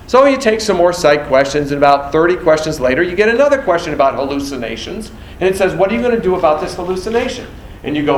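A man's voice: on the high side, expressive, fast talker, hardly any pauses. A man lecturing a class in a somewhat raised voice, quizzing students and acting out exam scenarios. The sound is roomy and echoey, with a faint hum of ambience behind him. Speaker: nursing exam instructor.

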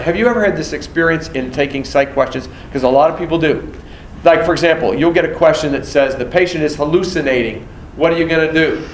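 A man's voice: fairly high pitch, a little hiss or hum. Echoey lecturing man, quizzing students. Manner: quizzing students, acting out exam scenarios. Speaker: nursing exam instructor. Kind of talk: classroom lecture.

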